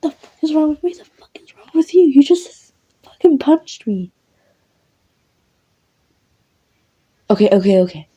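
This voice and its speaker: A stubborn, taunting younger sister who swears freely, as a woman puts her on. Her voice is dark and gravelly, with a husky edge. The audio role-play is recorded with a dull lo-fi sound. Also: lowish voice, flat delivery, normal speed, heavily acted. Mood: pleading. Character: defiant, foul-mouthed younger sister, stubborn and mocking.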